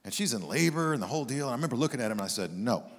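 Joking pastor in an echoing sanctuary. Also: male voice, mid-range voice, lively intonation, racing. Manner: conversational, joking storyteller. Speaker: guest pastor. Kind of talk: sermon. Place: church sanctuary. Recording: long hall reverb.

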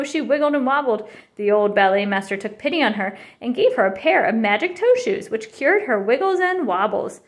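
A woman reading a children's picture book aloud in an expressive, animated way. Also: a little high. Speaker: storybook reader.

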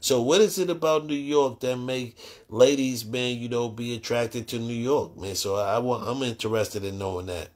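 A man with a Boston accent hosting a live call-in talk show, laid-back when asking questions and profane and excitable in loud, high bursts. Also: normal speed. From Boston area. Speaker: host.

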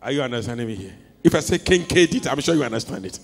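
A man preaching a sermon as a pastor, telling stories and swinging from quiet asides to shouts. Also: medium pitch, very animated, fast talker, husky. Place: church hall. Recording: long hall reverb with faint music.

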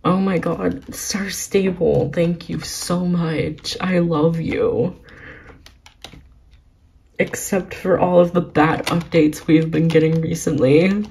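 A young woman vlogging as she plays a video game, giggly and gushing, often breaking into excited exclamations. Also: fairly low pitch, slow pace, gravelly, breathy edge, poor audio. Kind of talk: excited gaming vlog commentary.

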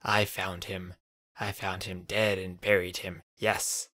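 A man voicing a hoarse, brooding old hut owner who speaks slowly and grows loud and insistent. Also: sits low, level tone, no room sound, full character voice. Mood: muttering. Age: older. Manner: slow, grows loud and urgent.

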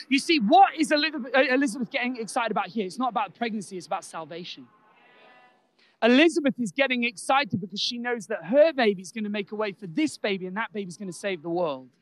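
A man preaching a sermon as pastor, animated and building to loud, emphatic exclamations. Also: high-pitched, quick pace.

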